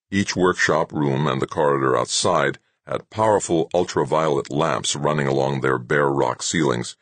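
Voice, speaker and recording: A man narrating an audiobook in a measured, steady way. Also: rumbling low, no echo.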